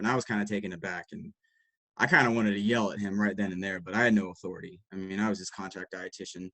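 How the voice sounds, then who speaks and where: A man's voice: lowish voice, dry recording. A man, a sports dietitian, giving a candid, reflective talk to practitioners, telling work stories casually and swearing now and then.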